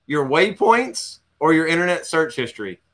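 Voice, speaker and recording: A man's voice: a little high, big pitch swings, normal speed, a bit bright. A man hosting a casual fishing chat show, loose and joking, heavy on slang. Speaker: host.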